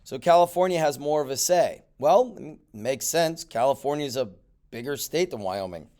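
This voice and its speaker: Animated, clear-voiced male teacher. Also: a little high, moderate pace. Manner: animated, mock-surprised asides. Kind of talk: classroom lecture video.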